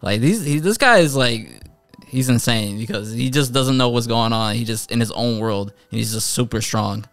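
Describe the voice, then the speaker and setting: Male reviewer, mid pitch, rambling casual delivery, dry close recording. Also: steady tone, moderate pace, gravelly, no echo. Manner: rambling, loose retelling with many fillers and restarts. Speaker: anime reviewer, channel host. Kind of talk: casual spoken episode review.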